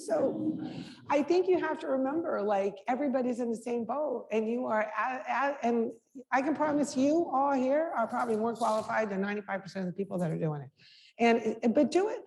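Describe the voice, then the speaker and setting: In a lecture hall with echoing acoustics and faint background noise, a middle-aged woman who is a mayor and guest speaker responds candidly to the audience. Her voice sits a little high with a darkish tone, and she talks animatedly and a little fast. She keeps it conversational, with frequent restarts and fillers.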